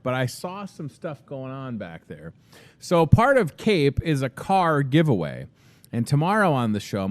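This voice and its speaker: Chatty man hosting a live local show. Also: mid-range voice. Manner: chatty and upbeat, with asides to the crew. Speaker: host of a local morning show. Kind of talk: casual live show chat. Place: grocery store. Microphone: handheld microphone.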